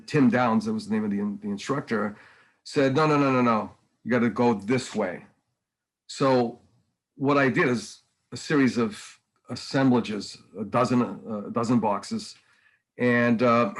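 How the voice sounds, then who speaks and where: A man's voice: medium pitch, poor audio. A man in his sixties, a painter guest on a podcast, telling long stories in casual talk with many ums and restarts. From New England. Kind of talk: casual conversational interview.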